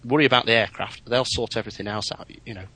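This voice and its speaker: Chatty, bright-voiced man telling flying tales. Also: mid-range voice, fast, dry recording, low-quality recording. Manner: chatty, anecdotal, animated when telling stories. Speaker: podcast co-host, private pilot. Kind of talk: casual chat about flying.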